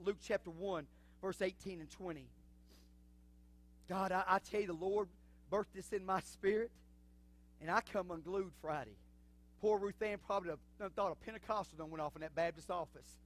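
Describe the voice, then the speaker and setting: A pastor preaching in his church, his voice unusually high and ringing bright. He drops to low, conversational asides, then builds into fervent shouting, and he preaches with a man's open, unguarded energy. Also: a little fast. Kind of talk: sermon. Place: church sanctuary.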